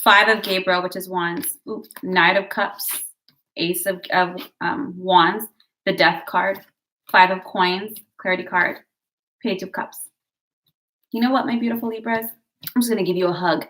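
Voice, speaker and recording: A woman reads tarot for her viewers in a loose, conversational way. Her voice is bright and crisp, and she keeps cheering them on, calling them guys and drifting into little asides. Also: fairly low pitch, fairly even intonation, a little slow. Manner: chatty, digressive, encouraging, addresses viewers as guys. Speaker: tarot and astrology reader. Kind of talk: casual horoscope reading to camera.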